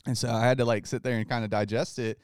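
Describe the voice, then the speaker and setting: A man hosts a podcast and talks through scripture in a laid-back, conversational way, peppering his speech with "like." His voice is smooth and resonant, mid-pitched, and recorded dry with no room sound. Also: fast talker, dry recording. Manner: relaxed, says "like" often, reads scripture aloud. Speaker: podcast host. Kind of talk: casual Bible study chat.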